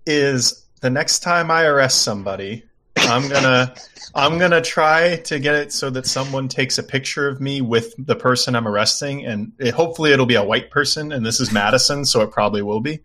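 A man's voice: medium pitch, a little fast, bright, forceful tone. A man co-hosting a casual podcast, joking and laughing as he talks. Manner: joking, laughs through his lines. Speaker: podcast co-host.

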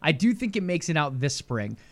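A man's voice: on the high side, big pitch swings, a little fast. Chatty man talking gaming news. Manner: chatty, speculative, thinks aloud. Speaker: podcast co-host. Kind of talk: casual gaming chat.

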